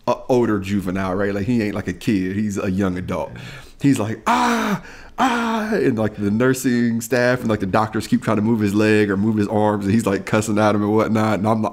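Laid-back man telling stories, low voice. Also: a little mellow. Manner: laid-back, laughing storyteller. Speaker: podcast co-host. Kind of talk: casual chat.

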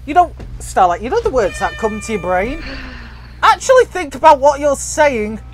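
A woman hosting a casual multiplayer gaming session on a voice-chat mic, animated, laughing often, yelling and swearing at the game. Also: high voice, moderate pace, slight background noise. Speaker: gaming channel host.

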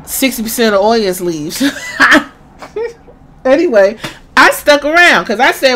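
A woman's voice: a little high, unhurried, pauses often, a little hiss or hum. A woman hosting a podcast who retells a story casually and animatedly, swearing often and acting out each character. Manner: animated, profane, acts out every character. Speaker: podcast host.

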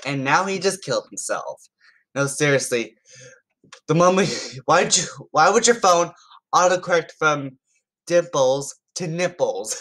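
A man's voice: on the high side, expressive, unhurried, fairly bright tone. Chatty man giving amused, stumbling commentary. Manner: chatty and amused, stumbling over words and restarting. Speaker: YouTuber. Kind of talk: casual comedic commentary reading text messages aloud.

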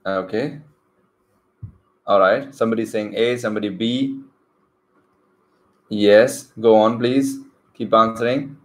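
A man with an Indian English accent co-hosting a live online English class. He reads out viewer comments and questions and often pauses on fillers. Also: fairly low pitch, fairly even intonation. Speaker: co-host English teacher.

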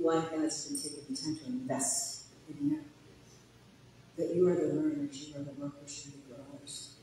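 A woman's voice: deep voice, dark tone, a little hiss or hum. A woman guest pastor giving an earnest, personal conference sermon and sometimes laughing at herself. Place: church hall. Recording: echoey hall, distant mic.

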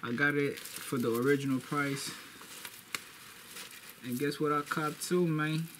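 A man's voice: on the high side, steady tone, measured pace. Hyped young man vlogging, noisy room. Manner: boastful, repeats phrases for hype. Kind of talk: casual hype vlog. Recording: noisy background.

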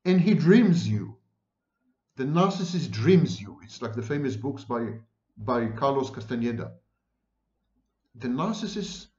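A man's voice: mid-range voice, a little mellow. Man, psychology lecturer, wry asides, echoey lo-fi sound. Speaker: psychology professor. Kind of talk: video lecture with a read-aloud excerpt. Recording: roomy, dull lo-fi sound.

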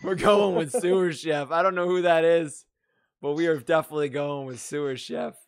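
A man's voice: fairly high pitch, steady tone, moderate pace, clean tone. Rambling man hosting a virtual improv show. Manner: rambling, laughing, loose. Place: home room on a video call. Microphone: video call mic.

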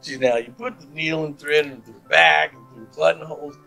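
Man telling his faith story, bright voice, acts out everyone's lines, soft music underneath. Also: a little high, a little fast, gravelly, rough recording. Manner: animated storyteller acting out quoted dialogue. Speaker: testimony speaker. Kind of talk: personal faith testimony storytelling.

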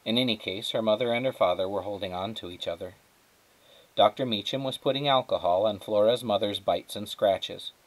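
A male teacher reading a children's chapter book aloud, narrating in a steady, measured way. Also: on the low side, poor audio. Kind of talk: storybook read-aloud.

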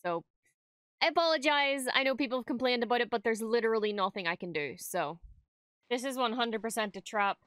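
A young woman streamer reacting to a TV episode at home, talking casually and breaking into quick, excitable exclamations. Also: on the high side, no echo, studio quality. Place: home room, wrapped in a blanket.

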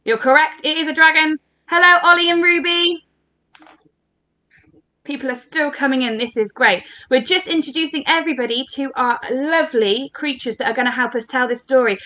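Bright, high-voiced cheerful woman leading kids. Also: normal speed. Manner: upbeat, encouraging, addresses children directly. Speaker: children's workshop leader. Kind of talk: interactive storytelling for children. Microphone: online livestream.

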